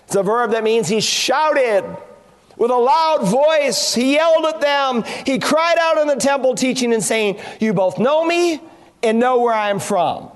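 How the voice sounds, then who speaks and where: A man, a pastor preaching an emphatic expository sermon that leans on rhetorical questions. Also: very high voice.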